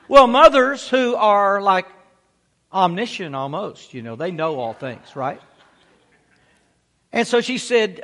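A man's voice: high-pitched, expressive, slow, pauses often, bright, forceful tone, in a large hall. A male pastor preaching a sermon, exhorting his listeners with rhetorical questions and frequent "amen" calls.

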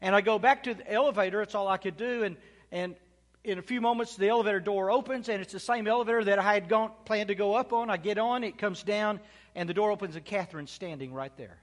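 A middle-aged male pastor preaching a sermon, telling a personal story that swells into loud exclamations. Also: high-pitched, fast talker. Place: church sanctuary. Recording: long church reverb.

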